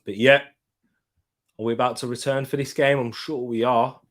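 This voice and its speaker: A young man hosting a live football watchalong, chatting casually and bursting into loud excited shouts at big moments. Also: mid-range voice, moderate pace. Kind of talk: live match commentary and chat.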